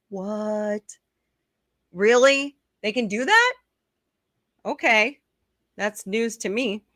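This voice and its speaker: Bright-voiced woman host, chatty and dry. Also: a little high, dry recording. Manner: chatty, reads articles aloud with quick asides and laughs. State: sleepy, yawning. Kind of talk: casual chat reading news aloud.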